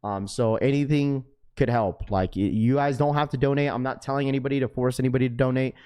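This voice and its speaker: A man with a raspy voice hosting a sneaker livestream, chatting casually in slang and reading chat messages aloud. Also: medium pitch, fairly even intonation, fast, dark tone. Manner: laid-back, slangy, full of fillers.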